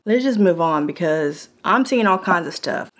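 At a home kitchen counter, a woman with a fairly low voice and a put-on American country twang reviews cookware at a normal speed. This product reviewer vlogger keeps her casual test jokey and animated, tossing in laughing asides.

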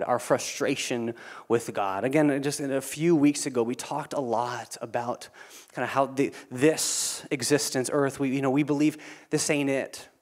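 A man preaching a sermon in a casual, conversational way, swinging between loud emphatic lines and quiet, low asides. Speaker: pastor.

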